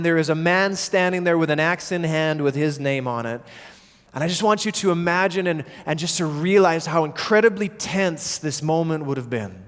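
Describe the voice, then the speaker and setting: A man's voice: fairly high pitch, brisk, fairly bright tone, smooth. A man preaching a sermon as pastor, telling a story and acting out the people in it. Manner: storytelling, acts out quoted voices. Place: church. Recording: long reverb of a church hall.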